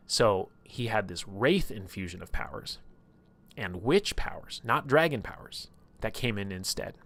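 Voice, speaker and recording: Man, somewhat low voice, casual rambling campaign recap, lots of filler words. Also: animated, normal speed, a bit bright. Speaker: streamer recapping a tabletop campaign.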